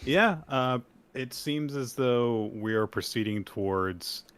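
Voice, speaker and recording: A man co-hosting a casual podcast, retelling comic chapters with animated energy and acted-out quotes. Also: mid-range voice, slow, clean tone. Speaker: podcast co-host. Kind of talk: casual chat recapping manga.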